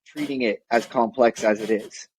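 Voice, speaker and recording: A man's voice: mid-range voice, steady tone, moderate pace, a little mellow, slight background noise, poor audio. A man co-hosting a podcast, chatting casually in a rambling, wry way and often correcting himself mid-sentence. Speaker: podcast co-host. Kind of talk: casual chat.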